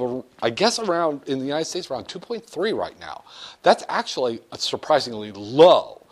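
Casting: male finance teacher with a fairly high, lively voice, jokey lecture delivery. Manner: lively and joking, with sudden shouted asides. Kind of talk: classroom lecture.

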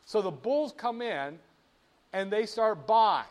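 A man teaching about stock charts in an animated, playful way, often asking the viewer rhetorical questions. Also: sits high, takes it slowly. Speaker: finance instructor. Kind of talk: screen-share lesson on market charts.

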